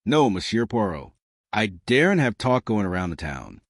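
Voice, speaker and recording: Male reader voicing a nervous wife, low voice, pleading, lilting lines. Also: sing-song, moderate pace, dry recording, studio quality. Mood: anxious. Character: frightened middle-aged wife, anxious, indignant. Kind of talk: audiobook reading.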